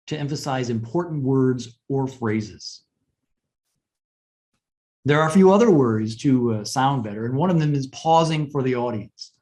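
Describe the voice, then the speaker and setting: Guy teaching a presentation skills webinar, kinda high voice, keeps saying right?, lots of pauses. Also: lively intonation, darkish tone. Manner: conversational, frequent "right?" and "and so". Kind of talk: webinar lesson.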